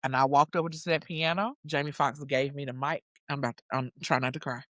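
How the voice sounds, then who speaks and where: A woman's voice: sits low, fast, no room sound. A woman guest telling a story in casual, slangy talk, acting out what people said. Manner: animated, slangy storyteller who acts out quotes. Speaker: guest singer-songwriter.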